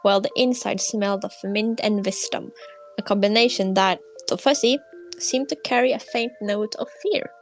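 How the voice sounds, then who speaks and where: A woman reading a children's bedtime story aloud in turns, soft-spoken, a little shy and giggly, with soft music behind her. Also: mid-range voice, fairly even intonation, moderate pace, low-quality recording. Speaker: storybook reader.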